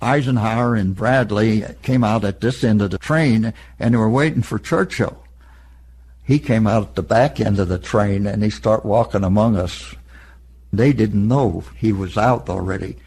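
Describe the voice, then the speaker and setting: An elderly man in an oral history interview, recalling past events in a plain, matter-of-fact storytelling way with a husky voice. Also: fairly low pitch, moderate pace, a little mellow. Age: older. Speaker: interviewee, veteran.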